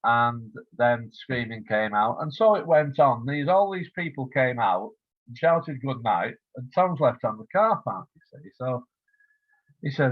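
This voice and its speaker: A man's voice: medium pitch, lively intonation, measured pace, no room sound. A man in his seventies, a writer being interviewed, rambling through an anecdote and acting out the dialogue. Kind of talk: casual storytelling interview. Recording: tinny phone line.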